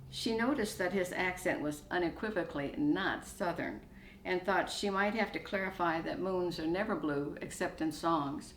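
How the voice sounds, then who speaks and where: Author reading fiction, low woman's voice, echoey room with faint hiss. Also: normal speed, distant mic. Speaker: author reading her story. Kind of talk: reading a short story aloud.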